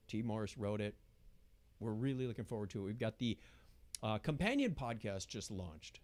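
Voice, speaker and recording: A middle-aged man hosting his own weekly livestream, chatting casually into a microphone and reading out viewer messages and birthday shout-outs. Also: mid-range voice. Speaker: host of a weekly karaoke livestream. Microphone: studio microphone.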